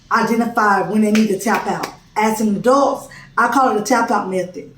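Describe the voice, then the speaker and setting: A woman's voice: medium pitch, moderate pace, slight background noise. A woman who teaches preschool, giving a recorded class presentation in an informal, conversational way. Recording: echoey room, distant mic.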